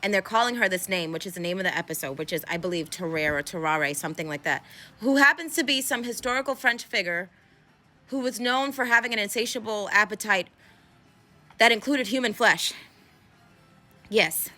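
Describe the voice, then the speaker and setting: A woman talks through a TV episode in a loose, rambling way, full of fillers and self-corrections. She keeps breaking into quick acted-out quotes with big jumps in pitch. Her voice is bright and clear. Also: soft background music. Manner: animated, acts out characters' lines with big pitch jumps. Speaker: cultural commentary host. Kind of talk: casual recap and commentary.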